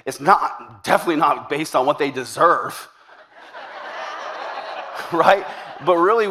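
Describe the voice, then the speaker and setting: A man's voice: fairly high pitch, a bit bright. A man preaching a sermon to a church congregation, conversational and upbeat, with jokes along the way. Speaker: pastor. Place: church service before a congregation.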